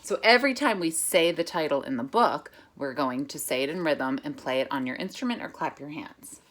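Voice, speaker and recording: A woman music teacher with a low voice reads a picture book aloud to children at a brisk pace, chanting words in a steady rhythm. She gives patient, step-by-step instructions, with slight background noise present.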